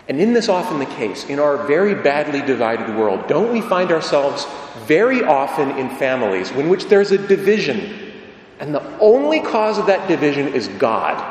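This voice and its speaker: Male preacher, lively rising and falling delivery, emphatic, echoey church hall. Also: a little high, normal speed. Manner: emphatic, rhetorical questions, repeating key phrases. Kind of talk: sermon.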